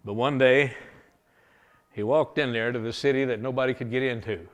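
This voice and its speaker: A man preaching a revival sermon, telling a Bible story in a folksy, animated way, often chuckling. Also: mid-range voice, moderate pace.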